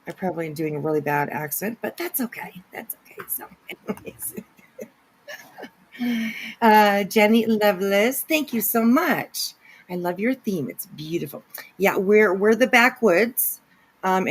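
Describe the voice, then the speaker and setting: A woman with a medium-pitched voice hosts a casual livestream at a measured pace, greeting chatters by name and adding giggly asides. It's voice only with no camera, and the recording quality is low.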